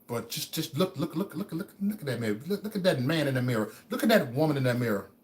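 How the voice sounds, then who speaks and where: Talking fast in a mid-range, sing-song voice, a man hosts a livestream and gives his chat a motivational speech. He repeats phrases endlessly, stammers on single words, and veers from hushed musing to loud preaching.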